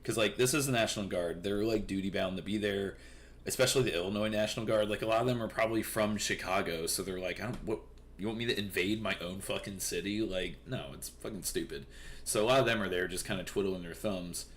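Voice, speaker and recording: Deep-voiced man ranting casually. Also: fast. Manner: profane, rambling, filler-heavy. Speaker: news commentary streamer. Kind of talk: casual news commentary.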